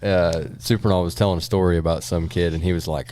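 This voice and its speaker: A man's voice: low-pitched, fairly even intonation, fast, dark tone. A man hosting a podcast, talking casually and laughing often. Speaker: podcast host. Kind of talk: casual chat.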